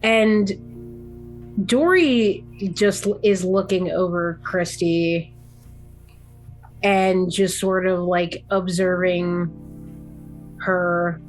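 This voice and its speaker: Slow, hesitant woman player. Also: on the low side, fairly even intonation, faint music behind, low-quality recording. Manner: hesitant, many fillers. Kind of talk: in-character role-play.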